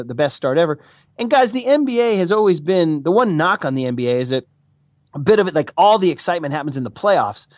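An American man, a regular pundit, talking sports in a casual, animated way with playful mock emotion. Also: on the high side, dry recording. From United States. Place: California, Bay Area.

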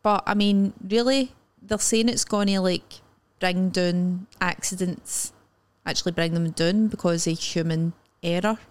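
A woman with a Scottish accent co-hosting a podcast in casual chat, wry and chatty, often chiming in with quick agreement. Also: on the low side, fairly even intonation, smooth. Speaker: podcast co-host.

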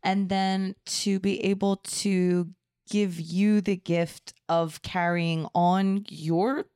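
A woman's voice: medium pitch, steady tone, slow, a little mellow, clean tone, no room sound, studio quality. A young woman co-hosting a podcast as an expectant mother, chatting in a giggly, enthusiastic way. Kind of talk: casual chat.

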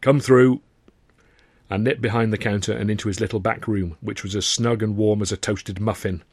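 A man's voice: on the low side, level tone, fairly quick, slightly rough, no room sound. A man reading his own novel aloud, narrating with dry, wry timing and acting the dialogue. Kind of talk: audiobook narration.

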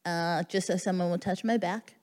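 A woman's voice: on the low side, steady tone, moderate pace, a little mellow. A woman co-hosting a live comedy podcast on stage, cracking sassy jokes. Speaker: guest co-host. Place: live stage in a concert hall. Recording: reverb of a live concert hall.

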